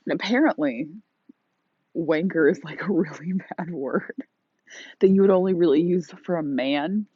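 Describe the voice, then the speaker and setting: American woman just rolled outta bed, husky breathy voice, rambly ASMR smoking chat, dry dull lo-fi sound. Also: low-pitched, no echo. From United States. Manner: rambling and self-mocking, drawn-out words, exhales between phrases. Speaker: ASMR smoking channel host. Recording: dry, slightly dull lo-fi recording.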